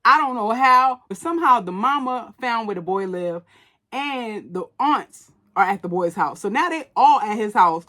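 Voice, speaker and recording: A woman hosts a podcast, retelling a movie plot in loose, animated storytelling. She peppers it with slang and cursing, and her voice sits a little high. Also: moderate pace. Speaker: podcast host. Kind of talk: casual movie recap.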